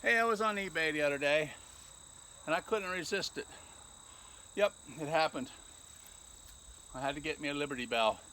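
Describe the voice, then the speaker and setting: A man's voice: a little high, moderate pace, pauses often, bright, forceful tone, a little hiss or hum. A man chatting casually to his camera outdoors in a folksy, joking way. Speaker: hobbyist vlogger. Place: outdoors in the yard.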